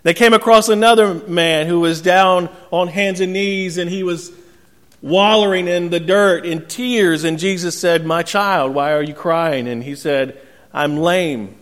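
Man preaching a sermon, bit high voice, echo trailing off in a big church. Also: a little slow. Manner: earnest preaching with gentle storytelling humor. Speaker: pastor. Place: church sanctuary. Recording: long church reverb.

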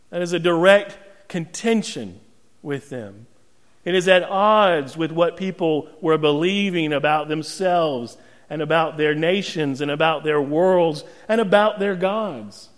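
Male pastor, emphatic sermon, slow deliberate pace, reverberant church. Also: on the high side. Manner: emphatic preaching with dramatic pauses and rhetorical questions.

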